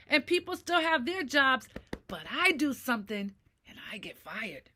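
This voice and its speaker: With big swings in pitch, this middle-aged woman rants through a personal vlog about mental health, swearing and asking "right?" again and again. Her high voice sounds pushed and bright, and she talks a little slowly.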